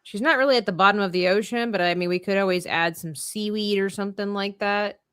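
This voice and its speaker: A woman's voice: medium pitch, fast, a bit bright, clear, resonant tone, no echo, clean studio sound. A woman hosting a live drawing stream, chatting playfully and thinking aloud as she works. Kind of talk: casual chat while drawing.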